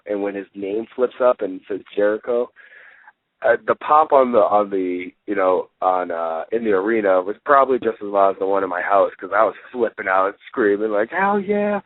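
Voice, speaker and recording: A young adult man, a guest on a wrestling talk show, chatting casually and rambling with plenty of fillers, getting excited as he retells stories. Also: on the low side, no room sound. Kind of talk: casual interview chat. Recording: tinny phone line.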